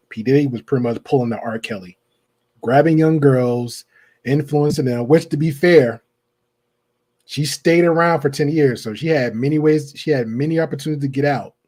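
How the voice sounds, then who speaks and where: A man's voice: medium pitch, a little mellow. A man hosting a podcast, reacting to a clip with casual, blunt commentary and repeating his points for emphasis.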